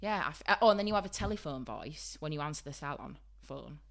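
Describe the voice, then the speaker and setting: A woman's voice: low voice, animated, fast, creaky, fairly bright tone. A woman with a Yorkshire accent co-hosting a podcast in casual, giggly chat about the beauty trade. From Yorkshire, England. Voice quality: bubbly, giggly, chatty. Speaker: podcast co-host, beauty trainer.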